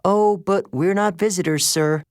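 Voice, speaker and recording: A man voicing a bold, quick-thinking teenage girl, talking confidently in a raised voice. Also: sits high, no echo, studio quality, pitched above the performer's own voice. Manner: confident and bluffing.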